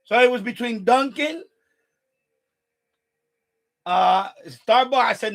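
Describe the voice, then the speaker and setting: A man's voice: very high-pitched, takes it slowly, creaky, long pauses, a bit bright, rough recording. A man with a New York accent, out of breath as he chats and rants on his live stream, repeating and restarting words. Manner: rambling, ranting, repeats words. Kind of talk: casual live stream chat.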